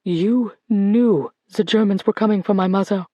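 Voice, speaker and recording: A woman voicing an elderly woman who is fierce and accusing, with a sharp edge to her speech. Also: medium pitch, normal speed, no echo, dull audio, close to an everyday voice. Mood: furious.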